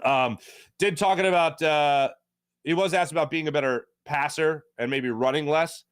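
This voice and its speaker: A man's voice: on the high side, normal speed, clean tone, no room sound, studio quality. A man hosting a sports talk show, rambling casually and animatedly with lots of fillers and restarts. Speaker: sports radio host.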